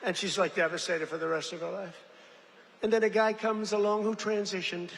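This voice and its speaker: A man's voice: high voice, steady tone, a little fast, a bit bright, a little hiss or hum. An older man giving a rambling, boastful rally speech from a podium, with mocking asides and acted-out quotes. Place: large event venue. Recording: reverberant venue with faint ambience.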